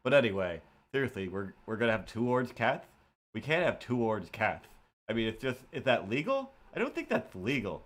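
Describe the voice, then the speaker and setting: A man chats on a livestream from a room at home, speaking into a desk mic. His talk rambles, full of fillers and restarts, and he pokes fun at himself. His pitch sits in the ordinary middle range. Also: big pitch swings, a little fast, fairly bright tone. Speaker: animator and streamer. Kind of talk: casual livestream chat.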